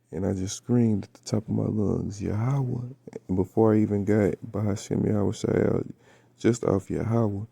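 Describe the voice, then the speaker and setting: A man with a raspy voice, just woken up, casually retelling a dream in slangy, profane storytelling full of fillers. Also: on the low side, dark tone, no room sound. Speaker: vlogger recounting a dream.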